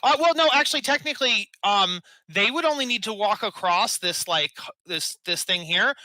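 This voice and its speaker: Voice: medium pitch, bright, forceful tone, no echo, poor audio. A game master running a tabletop game, hesitant and full of ums, often laughing.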